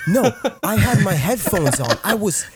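A man from Canada co-hosting a podcast, protesting loudly with constant swearing and frequent laughter. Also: high voice, very animated, normal speed, noisy background. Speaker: podcast co-host. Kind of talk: casual podcast banter.

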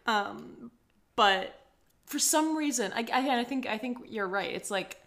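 A young woman co-hosts a podcast, chatting casually with plenty of swearing and loose fillers. Her voice sits a bit on the high side. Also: lively intonation, a little slow, a bit bright. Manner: irreverent, swears freely, frequent "like" fillers. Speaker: podcast co-host. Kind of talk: casual chat.

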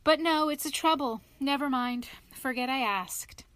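A woman's voice: sits high, a little slow, a bit bright, dry recording, pitched above the performer's own voice. Toad: a woman playing a languid, self-pitying male toad. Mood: feeble, martyred. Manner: languid, feeble, sighing, dramatic. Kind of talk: storybook reading.

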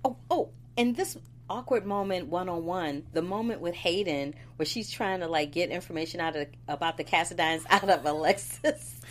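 A woman co-hosting a casual chat about a soap opera, animated and quick to laugh. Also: lowish voice, a little hiss or hum. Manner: animated, laughs often, acts out quotes. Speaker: soap opera podcast co-host.

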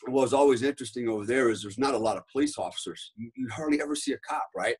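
Man, middle-aged, from the US, husky, podcast guest, casual rambling storytelling. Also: mid-range voice, racing. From United States. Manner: rambling, profane, lots of fillers.

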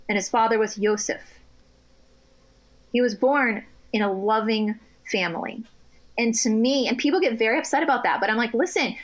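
A young woman chats on a podcast in an animated, quick-changing way. Her voice sits high and lively, she laughs easily, and she keeps restarting her sentences. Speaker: guest. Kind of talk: casual chat.

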